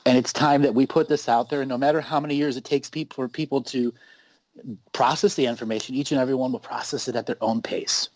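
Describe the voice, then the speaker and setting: A man's voice: mid-range voice, steady tone, fast talker, darkish tone, dry recording, rough recording. Emphatic man hosting a talk. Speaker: host. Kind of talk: casual conversation.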